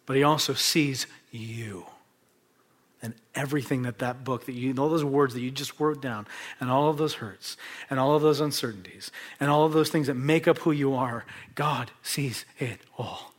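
A middle-aged man preaching a sermon, stressing words hard and then dropping to a hush. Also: medium pitch, fairly even intonation, normal speed. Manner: emphatic, dramatic shifts between loud stress and hushed whispers.

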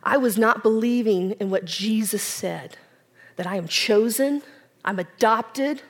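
A woman giving an earnest personal testimony as a church speaker, swinging from strong declarations to soft, near-whispered reflection. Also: mid-range voice, a little slow. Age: adult with children. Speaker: women's ministry speaker.

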